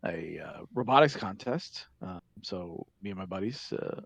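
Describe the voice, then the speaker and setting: A man's voice: low voice, lively intonation, normal speed, gravelly, fairly bright tone, no echo. Laid-back man co-commentating. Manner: laid-back, easygoing storytelling. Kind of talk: casual live game commentary.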